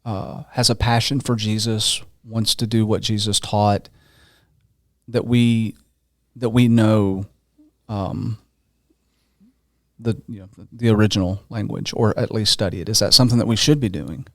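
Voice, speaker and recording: A man's voice: on the low side, steady tone, unhurried, no room sound, studio quality. A man hosting a podcast, asking long, casual questions full of fillers and restarts. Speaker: podcast host. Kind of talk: conversational podcast interview.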